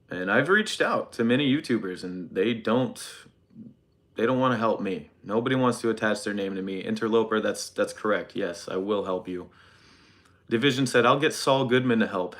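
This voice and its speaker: A young man livestreaming from his phone, speaking in a halting, hesitant, deadpan mock-sincere apology while reading chat. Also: lowish voice.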